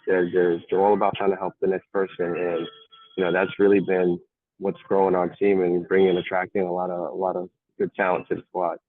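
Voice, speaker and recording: Man, running coach, animated storytelling, low pitch, tinny phone-like line. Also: dry recording. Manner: animated storytelling, acting out quotes. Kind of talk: casual interview answer.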